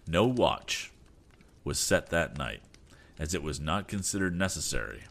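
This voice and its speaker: A man reading a storybook aloud as a podcast host, expressive and animated. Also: very deep voice, measured pace, vocal fry. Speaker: audiobook narrator and podcast host. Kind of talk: storybook narration. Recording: faint background music.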